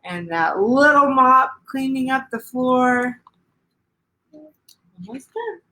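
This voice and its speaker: Reading a picture book to children, a middle-aged female pastor keeps her tone gentle and sing-song and pauses for questions to the little ones. She has a high, expressive voice, captured on a rough recording.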